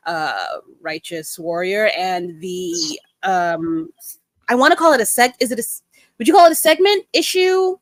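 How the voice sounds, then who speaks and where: A woman's voice: medium pitch, expressive, normal speed, no room sound. Woman host asking questions, bouncy voice with lots of ups and downs, kinda hesitant, dry sound. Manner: upbeat, hesitant with ums. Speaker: interview host. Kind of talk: casual interview hosting.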